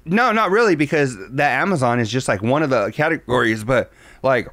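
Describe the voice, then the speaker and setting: A man's voice: medium pitch, animated, a little fast, a bit bright, no echo. A man co-hosting a podcast in casual chat, loose and profane, rambling with lots of fillers. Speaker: podcast co-host.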